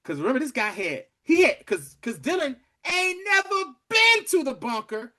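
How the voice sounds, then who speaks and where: Bright-voiced man telling a theory. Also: very animated, moderate pace. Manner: storytelling, acts out quoted characters in a low voice. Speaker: podcast co-host. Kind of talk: casual TV recap chat.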